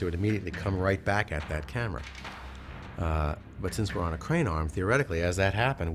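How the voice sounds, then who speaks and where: Extremely deep-voiced man explaining carefully. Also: noisy background. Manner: measured, detailed technical explanation with many fillers. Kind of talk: documentary interview.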